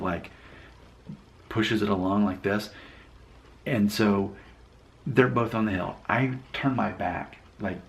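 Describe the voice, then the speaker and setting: Speaking to his channel in a very low voice, a vlogger shares a personal story in a casual, reflective way. He rambles and often stops mid-sentence to correct himself. Though he grew up in Alabama, he has no regional accent.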